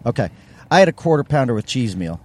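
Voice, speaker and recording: A man's voice: mid-range voice, sing-song, fast talker, a little mellow, a little hiss or hum. A middle-aged man co-hosting a podcast, teasing his partner and telling stories while riding in a car on a road trip. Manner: teasing, storytelling. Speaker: podcast co-host. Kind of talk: casual chat.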